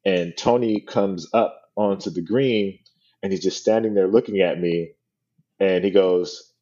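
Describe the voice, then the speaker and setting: A man with a low, mellow voice talks easily as an interview guest, circling back and restarting as he tells a story. The sound is a little dull and lo-fi. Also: a little slow. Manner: relaxed storytelling with many restarts. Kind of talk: casual interview chat.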